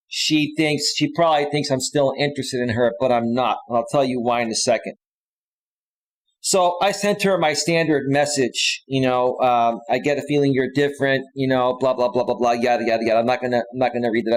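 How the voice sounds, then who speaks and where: A man's voice: mid-range voice, low-quality recording. A man coaching in a casual livestream monologue, chatty and often checking in with his listeners, with frequent restarts and repeated phrases. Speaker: dating and life coach.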